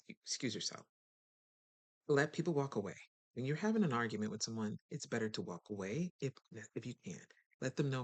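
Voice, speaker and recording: In a casual motivational talk, a host speaks chattily and directly to listeners. The voice is mid-range and grows animated when impersonating others.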